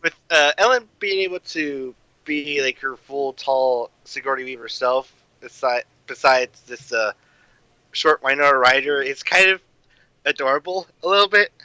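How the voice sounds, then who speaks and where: A man's voice: mid-range voice, normal speed, bright, forceful tone, clear, resonant tone, dry recording, rough recording. A man in casual film discussion, talking loosely with lots of fillers and wry asides.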